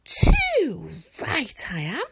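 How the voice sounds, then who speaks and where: A woman voicing a small, grumpy, cheeky young male dragon in a storybook reading, squeaky and drawing out his hisses. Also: big pitch swings, heavily acted. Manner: squeaky, drawn-out hissing.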